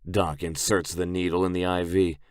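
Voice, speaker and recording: Deep-voiced man narrating a gritty audiobook. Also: level tone, moderate pace, no echo, clean studio sound. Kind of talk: scripted first-person narration.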